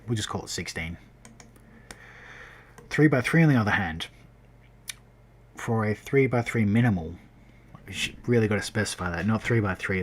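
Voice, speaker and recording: A man whose voice sits low streams himself making a game, with a touch of background noise. It's a casual tutorial livestream where he rambles while working and often corrects himself mid-sentence.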